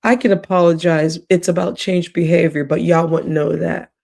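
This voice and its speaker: A woman's voice: fairly low pitch, fairly even intonation, normal speed, creaky, a little mellow. A woman livestreamer with a cracking voice, giving rambling, gossipy late-night commentary with whispered asides.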